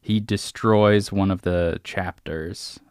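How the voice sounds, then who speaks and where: A man co-hosting a casual podcast, retelling a video game's storyline and slipping into quick character voices. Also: low-pitched, fairly even intonation, a little mellow, clear, resonant tone, no room sound, studio quality. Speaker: podcast co-host.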